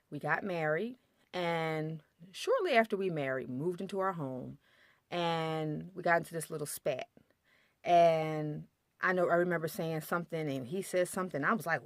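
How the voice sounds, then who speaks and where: A woman talks straight to her viewers about relationships, blunt and sassy with plenty of slang. Her voice sits fairly low and sounds dry and close, with no room echo. She keeps the delivery emphatic and conversational throughout. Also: moderate pace. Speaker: vlogger giving relationship advice. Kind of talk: casual advice monologue.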